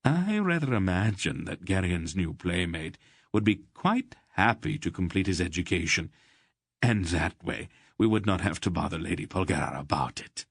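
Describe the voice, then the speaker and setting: Storybook casting: a sly, arch trickster, fairly low and dry, voiced by the narrator. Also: male voice, animated, moderate pace, breathy edge, dry recording, heavily acted. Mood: wry.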